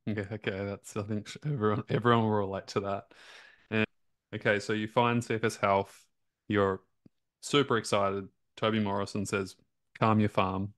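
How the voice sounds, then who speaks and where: An Australian man hosting a casual interview, talking in a relaxed, informal way with loose fillers. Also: fairly low pitch, normal speed. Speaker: interview host.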